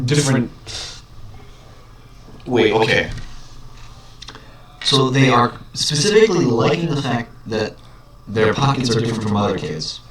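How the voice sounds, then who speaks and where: A man reading a children's book aloud, breaking off for mocking, deadpan commentary. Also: medium pitch. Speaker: reader. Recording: echoey room, distant mic, faint hiss.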